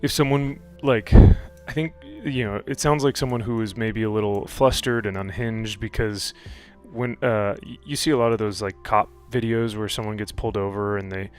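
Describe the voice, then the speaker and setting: Relaxed man with hesitant speech. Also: fairly low pitch, moderate pace, faint music behind. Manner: relaxed, hesitant, uses fillers. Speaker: host. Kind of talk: casual chat.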